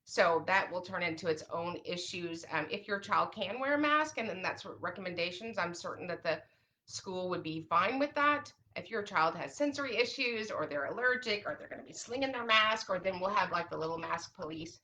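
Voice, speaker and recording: A woman's voice: on the low side, a little hiss or hum. A woman who advises families on special education, talking straight to camera in a chatty way and acting out little quoted asides. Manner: chatty, lively, acts out parents and kids in quick asides. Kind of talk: direct-to-camera advice talk.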